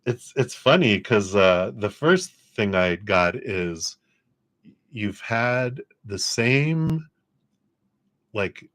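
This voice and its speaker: A man giving a livestream tarot reading, chatty and upbeat, laughing often as he offers gentle spiritual encouragement. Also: fairly low pitch, lively intonation, drawn-out words. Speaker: tarot reader.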